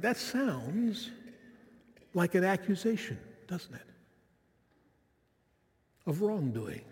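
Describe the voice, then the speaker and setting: Male preacher, high-pitched, conversational and reflective, recorded in a reverberant hall. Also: very animated, slow pace, long pauses, a little mellow, slightly rough. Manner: reflective, conversational, with frequent asides to the listeners. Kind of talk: sermon.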